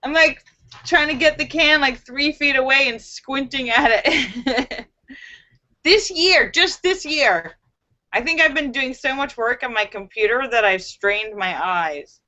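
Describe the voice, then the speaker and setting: A woman's voice: high-pitched, measured pace, pushed and bright. A woman hosting a casual live stream, chatting, reading viewer comments and telling jokes with frequent giggles.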